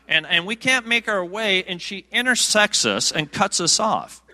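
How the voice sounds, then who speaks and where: A man's voice: high-pitched, lively intonation, unhurried, pushed and bright. A man preaching a sermon, telling a humorous, self-deprecating story with frequent fillers and restarts. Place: church sanctuary. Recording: long reverb of a large sanctuary.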